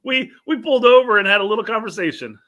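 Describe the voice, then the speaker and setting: A man's voice: sits high, lively intonation, fast, pushed and bright. A man co-hosting a podcast, chatting casually and making wry, joking asides. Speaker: podcast co-host. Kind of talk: casual chat.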